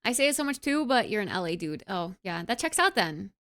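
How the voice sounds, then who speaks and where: A young adult woman streamer in casual chat, reading and answering her live chat, bubbly and animated and often saying "like". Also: medium pitch, fairly quick.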